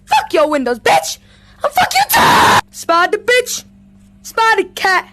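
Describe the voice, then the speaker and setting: A woman playing a VR game and yelling brash, profane commentary, often breaking into meows. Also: very high voice, lively intonation, measured pace. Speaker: VR gamer. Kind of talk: let's-play commentary. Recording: audible background noise.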